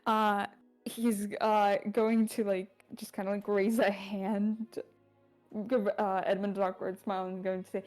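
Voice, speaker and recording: A woman playing a tabletop game who describes her character's actions in a hesitant, halting way. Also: mid-range voice, flat delivery, darkish tone, faint music behind. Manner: hesitant, halting, many likes and uhs.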